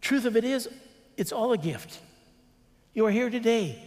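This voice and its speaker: A man's voice: extremely high pitch, lively intonation, normal speed, a little mellow, long reverb tail. A man preaching a sermon as a pastor, earnest, with repeated refrains and acted-out quotes.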